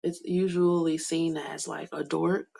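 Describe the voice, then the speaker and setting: A young woman giving a soft, hesitant spiritual card reading, full of fillers and whispered asides. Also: sits low, little pitch movement, a little slow, gravelly, slightly rough. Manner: whispers names to herself while reading cards. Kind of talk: slow meandering card reading monologue.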